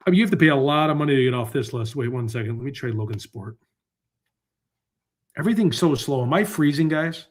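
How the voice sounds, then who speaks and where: A man's voice: mid-range voice, expressive, fast. A man hosting a casual live stream, rambling and talking to his viewers while he searches online. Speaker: livestream host. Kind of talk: casual livestream chat.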